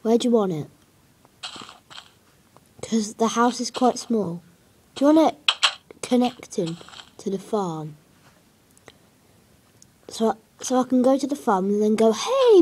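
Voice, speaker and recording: A woman's voice: on the high side, expressive, measured pace, long pauses, a little hiss or hum. A woman giving casual gameplay commentary, hesitant and rambling with many fillers. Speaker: gaming video creator.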